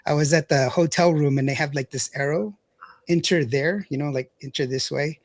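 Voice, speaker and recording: A man's voice: a little high, moderate pace, no room sound. A man hosting a radio show, chatting casually, reading out viewer comments and laughing often. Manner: chatty, laughs often, stumbles over words.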